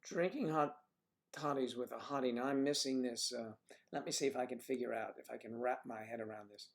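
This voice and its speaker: A man's voice: mid-range voice, fairly quick, creaky. A man hosting a casual livestream, chatting and telling rambling stories. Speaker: livestream host.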